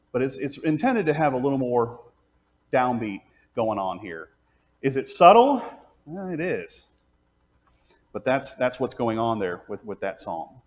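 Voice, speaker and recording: A man teaching a class on leading congregational singing, explaining step by step and singing out pitches and counting beats aloud. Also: sing-song, unhurried, pauses often. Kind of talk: hands-on music class teaching.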